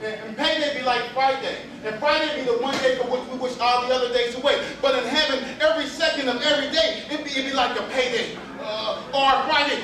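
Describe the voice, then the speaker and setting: A man telling a comic story in a live monologue, in casual, slangy speech with repeats. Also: extremely high pitch. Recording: echoey hall from far off with audience.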